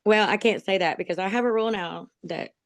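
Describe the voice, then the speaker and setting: A woman gives a personal testimony close to the mic in a dry, deadened room. She rambles through her memories with plenty of ums and little laughs at herself, at a middling pitch, and turns emotional as she talks. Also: a little fast, no echo. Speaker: interviewee, dog program graduate. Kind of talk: personal testimony, conversational storytelling.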